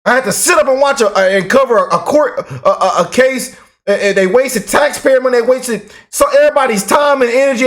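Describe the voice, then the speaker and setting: A man hosting his own channel, ranting in animated, repetitive, emphatic political commentary. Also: extremely high pitch, brisk.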